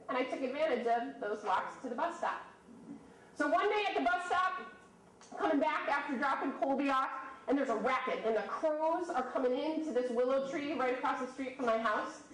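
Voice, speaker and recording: A lively woman in her thirties tells stories and puts questions to a live audience, her voice sitting a little high. She is caught from a distance in a strongly echoing room, with a faint hiss behind her. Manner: lively storyteller, quizzes the audience. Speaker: birding presenter. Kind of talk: storytelling talk to a live audience. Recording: echoey room from a distant mic, faint noise.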